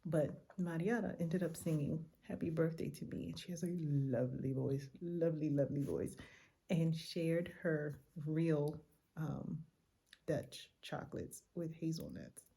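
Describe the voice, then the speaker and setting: A woman telling a chatty, animated travel story in a hotel room at night, tired and a little loopy. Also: deep voice, measured pace, vocal fry. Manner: chatty, animated retelling with quoted exchanges. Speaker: travel vlogger. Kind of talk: casual travel vlog storytelling.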